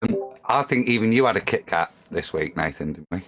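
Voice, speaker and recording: A man's voice: sits low, lively intonation, brisk, a bit bright. A man chatting casually on a live stream, talking in a detailed way that thinks aloud.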